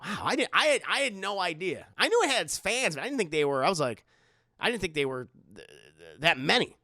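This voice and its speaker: A man's voice: high-pitched, big pitch swings, fairly quick, sharp tone, no room sound, studio quality. A man live-streaming, rambling through casual commentary and reading out his chat, often stumbling and repeating words.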